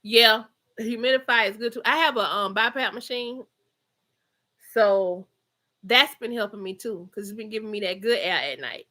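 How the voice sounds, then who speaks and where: A middle-aged woman with a Georgia Southern accent hosts a casual livestream from home, reading live comments and chatting with her viewers. Her voice is fairly high and steady, delivered at a normal speed with a bright, forceful tone. She's chatty, laughs often, and uses Southern slang.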